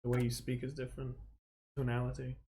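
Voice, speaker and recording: A man's voice: medium pitch, monotone, quick pace, background noise. A man streaming a game and giving a rambling, opinionated rant with many restarts, swearing casually. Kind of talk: casual live-stream commentary.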